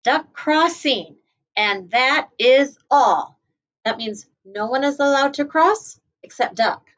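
A woman kindergarten teacher reading a picture book aloud to children, gently stopping to explain words. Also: high-pitched, lively intonation, slow pace, rough recording.

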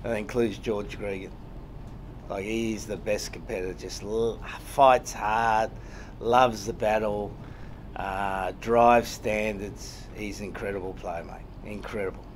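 A rugby head coach at a post-match press conference, answering reporters bluntly and wryly and repeating phrases for emphasis. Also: male voice, lowish voice, fairly even intonation, a little slow, noisy background. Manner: blunt and wry, often ends with "mate".

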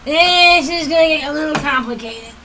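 A woman's voice: high voice, moderate pace, noisy background. A woman chatting casually between impressions, giggly and self-deprecating. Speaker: vlogger doing impressions. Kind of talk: casual chat.

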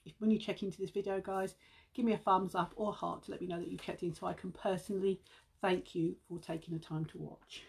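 A British woman selling beauty products on a casual live stream, chatty and slightly out of breath, calls her viewers "guys" and hums to herself as she works. Her voice is on the low side, flat and a little fast, with a creaky, darkish, slightly rough tone.

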